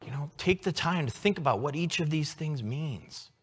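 A man preaching a sermon, teaching earnestly and reading scripture slowly with emphasis. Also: fairly high pitch, expressive, slightly rough. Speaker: pastor. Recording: long hall reverb.

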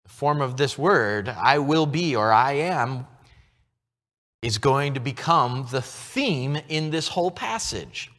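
A male pastor delivers a sermon in an unhurried, animated way, his pitch climbing and falling freely. He leans hard into some phrases and pulls others down almost to a murmur. The voice rings out with a long reverb in a large church hall. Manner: expressive preaching, swinging from loud to hushed.

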